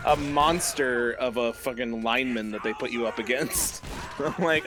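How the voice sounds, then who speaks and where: A young man streaming a game, chatting casually and telling animated stories, laughing often. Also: mid-range voice, moderate pace. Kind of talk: casual chat while gaming.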